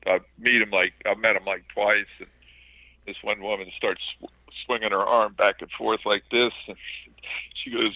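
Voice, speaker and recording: A man's voice: fairly low pitch, normal speed, no echo. A man calling into a casual show, telling amused anecdotes and laughing along. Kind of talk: casual radio show chat. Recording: tinny dry phone line.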